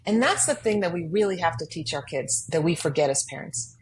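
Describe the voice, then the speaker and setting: Speaking as a guest author in a podcast studio, a woman recounts something personal with earnest emphasis, voicing the thoughts running through her head. Her voice sits on the low side, animated and fairly quick. The recording is rough, carrying some hiss or hum.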